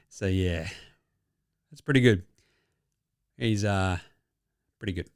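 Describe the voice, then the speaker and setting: A man's voice: sits low, slow pace, long pauses, clean tone, no room sound, clean studio sound. A man with an Australian accent hosting a casual basketball recap, profane and jokey, laughing often. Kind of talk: casual sports recap commentary.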